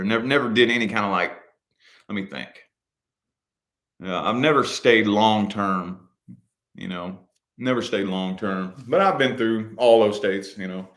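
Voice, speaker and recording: A man in relaxed, rambling casual chat with viewers, full of "you know" fillers and the odd curse word. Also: lowish voice. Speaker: host answering viewer comments.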